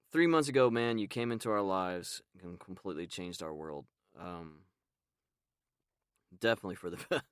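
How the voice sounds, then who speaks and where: A man hosting a podcast, talking tenderly to his baby son in a rambling, casual way with frequent pauses. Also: low-pitched, clear, resonant tone, no echo, studio quality. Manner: warm, rambling, with frequent ums and soft laughs. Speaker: podcast host and father.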